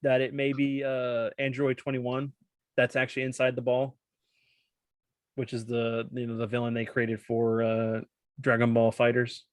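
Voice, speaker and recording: A man's voice: mid-range voice, monotone, measured pace, dry recording. A man hosting a casual podcast chat, joking around and tripping over his words. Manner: stumbles over words, jokey. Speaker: podcast host.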